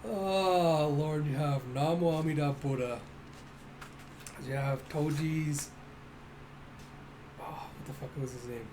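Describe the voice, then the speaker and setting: A man's voice: on the high side, fairly even intonation, takes it slowly, pauses often, background noise. A man casually recapping a comic panel by panel, cursing now and then. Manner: casual, swears, play-by-play describing of panels. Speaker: manga recap narrator.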